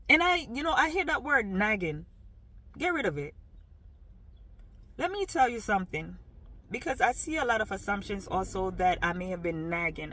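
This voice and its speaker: A woman's voice: fairly high pitch, animated, moderate pace, pushed and bright, dry recording. Frank woman vlogging with a Jamaican lilt. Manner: frank and emphatic, with many "you know" fillers. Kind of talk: candid personal vlog.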